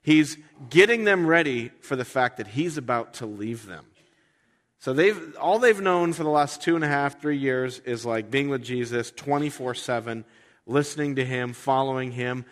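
A man's voice: medium pitch, moderate pace. Guy in his 40s preaching, chatty, acts out little quotes, medium voice, big echoey church hall. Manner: conversational, animated with acted-out quotes. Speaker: pastor. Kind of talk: sermon. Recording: long hall reverb.

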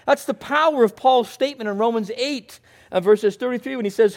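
High-voiced man preaching a sermon. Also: a little fast. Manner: earnest preaching with swings from soft to emphatic. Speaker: pastor.

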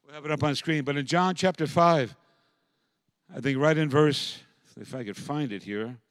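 A man's voice: fairly high pitch, moderate pace, dry recording. Impassioned male preacher, dry sound. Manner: builds from quiet reflection to loud, impassioned preaching. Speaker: pastor. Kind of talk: sermon.

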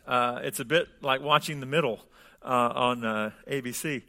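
A man preaching a sermon with a bright, forceful voice. He speaks in a relaxed, conversational way and tells stories with humor. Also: medium pitch, moderate pace. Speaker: pastor.

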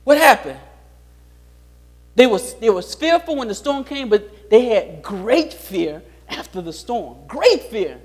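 A man's voice: very high-pitched, sing-song, slow pace. A pastor preaching a sermon, repeating his key lines and putting rhetorical questions to the congregation.

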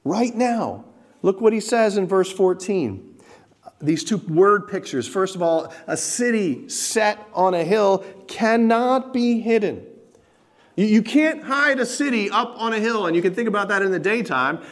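A man's voice: sits high, expressive, unhurried. A man preaching a sermon, emphatic and direct, asking the congregation rhetorical questions. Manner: emphatic preaching, building to loud repeated stresses. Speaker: pastor.

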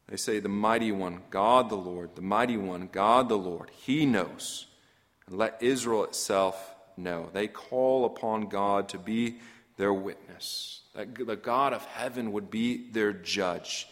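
A man's voice: on the low side, long reverb tail. A man preaching an expository sermon, earnest and emphatic, often asking questions of his listeners.

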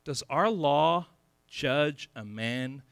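Bright, dry-voiced male preacher. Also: drawn-out words, vocal fry, clean tone, no room sound. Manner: builds to emphatic peaks, then drops low. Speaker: pastor. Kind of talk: expository sermon.

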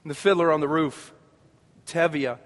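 A man preaching with a high, bright voice, his delivery building with passion and surging into loud emphatic peaks. His words ring out with a long reverb, as if filling a large sanctuary. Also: steady tone, a little slow. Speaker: pastor. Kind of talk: sermon.

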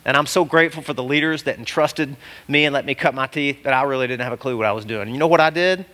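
A man preaching a sermon as a pastor, animated and exclamatory, swinging from loud cries to hushed asides. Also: mid-range voice, fast talker.

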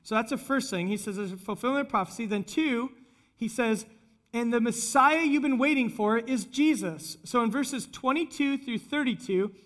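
Male pastor, middle-aged, high-pitched, conversational sermon that turns animated in the retellings. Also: normal speed.

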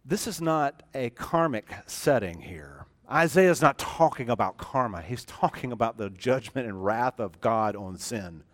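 Man, pastor preaching a sermon in a church, emphatic, loud then hushed, mid-pitched voice. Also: animated, unhurried, hardly any pauses. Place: church sanctuary.

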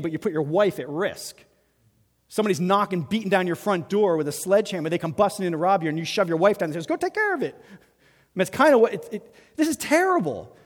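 A man preaching a sermon in a lively, conversational way, acting out quotes as he goes. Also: fairly high pitch. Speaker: pastor. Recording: long reverb of a large hall.

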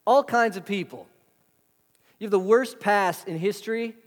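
Man, pastor, conversational sermon, rhetorical questions, slightly high pitch, long hall reverb. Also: moderate pace. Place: church hall.

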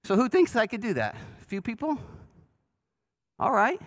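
Pastor, male, high and lively voice, chatty and self-deprecating, asks the room questions. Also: moderate pace, poor audio. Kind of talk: sermon. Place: church sanctuary.

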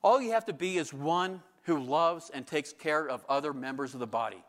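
A pastor preaching a sermon in church, earnest and emphatic, asking rhetorical questions. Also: male voice, fairly high pitch, normal speed, fairly bright tone.

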